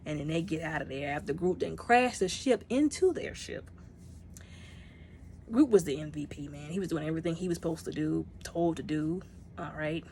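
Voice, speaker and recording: A woman's voice: deep voice, moderate pace, darkish tone, a little hiss or hum. A woman giving a casual spoken movie review, retelling scenes and acting out the characters' lines.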